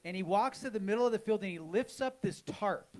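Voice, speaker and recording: A man's voice: high voice, animated, fairly quick, darkish tone. Frank self-mocking male podcast host. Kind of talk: live storytelling chat. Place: live show before an audience.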